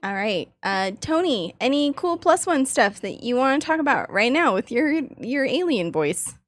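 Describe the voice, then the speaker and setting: Lively, laughing woman host. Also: on the high side, normal speed, no echo. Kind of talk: casual chat, wrapping up a stream.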